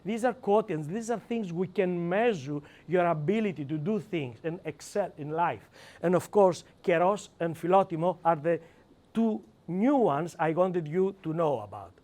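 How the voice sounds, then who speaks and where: A man with a Greek accent leading a live seminar, emphatic and animated, acting out quoted lines and calling on audience members by name. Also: high voice, moderate pace. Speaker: seminar trainer.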